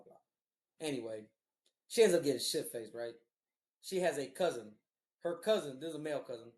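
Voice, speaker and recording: A man in his thirties hosting a podcast, telling a profane story in casual chat and acting out what people said. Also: medium pitch. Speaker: podcast host. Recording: roomy echo.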